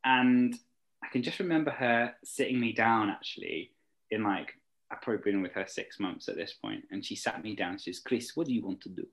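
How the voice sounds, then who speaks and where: Man, young adult, casual interview guest, eager and rambling, somewhat low voice. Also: steady tone, normal speed, fairly bright tone, rough recording. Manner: enthusiastic, rambling with fillers.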